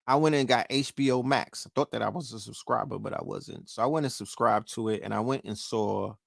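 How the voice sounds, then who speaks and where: A man's voice: lowish voice, brisk, vocal fry, no echo, studio quality. A middle-aged man with a New York accent hosting a casual show, talking profanely and throwing questions at his listeners. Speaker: podcast host. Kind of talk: casual livestream talk.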